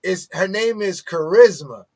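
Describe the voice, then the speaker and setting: A man co-hosting a podcast, excitable and hyped, often repeating himself. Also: high-pitched, measured pace. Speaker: podcast co-host. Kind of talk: casual podcast chat.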